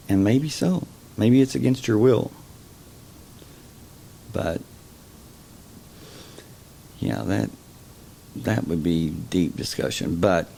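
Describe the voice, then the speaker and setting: A man hosting a casual explanatory monologue, talking slowly and haltingly, often repeating words. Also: low-pitched, gravelly, dark tone, a little hiss or hum. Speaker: host.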